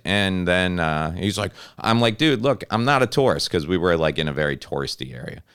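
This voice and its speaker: A man in his thirties co-hosting a podcast, telling a story in casual chat with lots of swearing and animated delivery. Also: low voice, brisk, few pauses, smooth. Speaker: podcast co-host.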